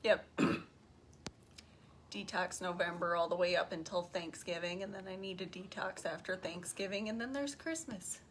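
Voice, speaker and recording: A woman's voice: lowish voice, moderate pace, a little hiss or hum. A woman co-hosting a live online show, making bubbly small talk and laughing easily. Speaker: co-host. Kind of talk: casual chat on a live stream.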